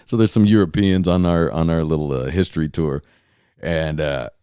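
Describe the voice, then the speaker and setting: A man's voice: a bass voice, steady tone, moderate pace, warm tone, clean tone, no room sound, studio quality. A man hosting a podcast, ranting casually and profanely, rambling with many fillers and restarts. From California. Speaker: podcast host. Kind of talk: casual rant.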